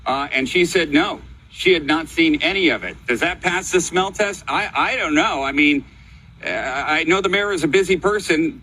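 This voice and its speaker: A male reporter in a news interview, speaking in a measured, skeptical way. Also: a little high, pushed and bright, poor audio.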